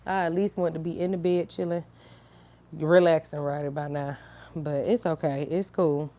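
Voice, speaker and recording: A woman's voice: low voice, flat delivery, moderate pace, mellow, dry recording. A sleepy woman in a casual, giggly sign-off chat to her viewers. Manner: giggly and silly, breaks into laughter. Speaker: online inspirational speaker.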